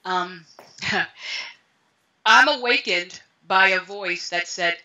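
Bright, animated woman telling stories. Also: lowish voice, slow, pauses often, highs cut off. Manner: animated, acts out voices in her stories, laughs often. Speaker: interview guest, spiritual teacher. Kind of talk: conversational storytelling.

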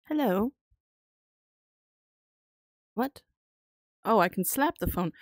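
A woman game streamer chatting through her play session, excitable and quick to laugh. She swears freely and talks at an unhurried pace. Her voice sounds dry and close, with no room echo. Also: medium pitch. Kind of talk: casual live gameplay commentary.

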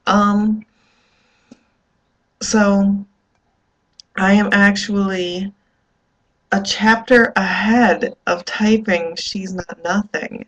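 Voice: medium pitch, fairly even intonation, very slow, long pauses, a bit bright, highs cut off. A young adult vlogger, up early and groggy, rambling loosely and swearing in a casual video diary.

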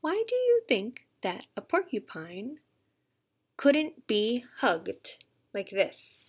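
Lady museum educator reading a kids' book, slow and sing-songy, kinda high, whispers sometimes. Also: husky. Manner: animated, slow and repetitive, drops to soft whispers. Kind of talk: reading a picture book aloud to young English learners.

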